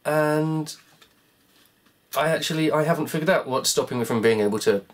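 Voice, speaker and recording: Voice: medium pitch, normal speed. A vlogger muttering sarcastic, grumbling commentary to themselves while taking apart a device at an indoor workbench. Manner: sarcastic, grumbling self-talk. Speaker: electronics repair vlogger.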